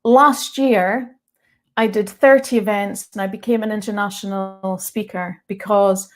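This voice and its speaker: A woman's voice: medium pitch, fairly even intonation, unhurried. A woman with a Scottish accent, speaking to viewers as a mindset coach. She talks earnestly and candidly and is close to tears, with breaks of laughter. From Scotland. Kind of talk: personal story told to viewers.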